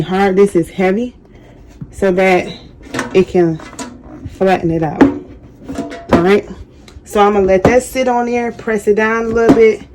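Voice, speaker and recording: A woman's voice: mid-range voice, a little mellow, slight background noise. A woman hosting a casual craft how-to, chatty and self-deprecating, often apologizing. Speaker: craft tutorial host.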